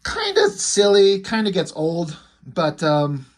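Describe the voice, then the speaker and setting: Brief: male comic reviewer, slightly raised pitch, husky grain, loose rambling delivery with blunt jabs. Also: animated, normal speed. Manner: loose and rambling, with frequent "like" and "you know"; blunt, mocking asides. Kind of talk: casual video commentary.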